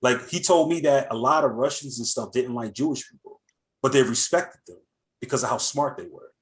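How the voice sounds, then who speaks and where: A man's voice: medium pitch, a little fast. An American man hosting a casual talk show, rambling through a story with many fillers and restarts. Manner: rambling, lots of fillers and restarts, animated retelling. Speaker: host.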